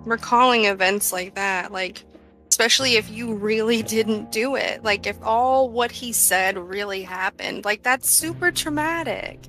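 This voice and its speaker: A woman's voice: on the high side, measured pace, faint music behind, poor audio. A woman co-hosting a podcast, talking casually and sarcastically, often acting out mocking quotes. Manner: sarcastic, animated, acts out mocking impressions. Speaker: podcast co-host. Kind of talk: casual true-crime chat.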